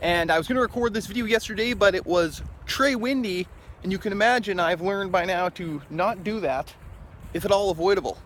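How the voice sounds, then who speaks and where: A man with a slightly raised pitch rambles through a casual opinion vlog in a loose, opinionated way and chuckles now and then. He is outdoors on a city street, with faint traffic noise behind him. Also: fairly quick, fairly bright tone. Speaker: vlogger.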